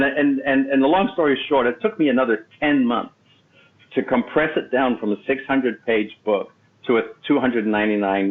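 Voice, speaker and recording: A man hosting an interview in casual chat, often repeating words and adding "right?" to his sentences. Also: medium pitch. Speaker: podcast host. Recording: tinny phone-like line.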